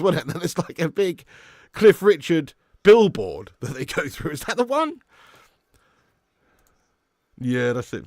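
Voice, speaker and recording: Hosting a live watch-along of a football game, a young man chats casually, answers comments from viewers, and gets excited at key moments. His voice sits high, captured in studio quality without echo.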